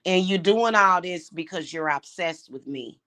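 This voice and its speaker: A woman's voice: lowish voice, unhurried, sharp tone. A woman delivering an angry, profane, confrontational monologue to the camera, mocking and scolding someone. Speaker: vlogger.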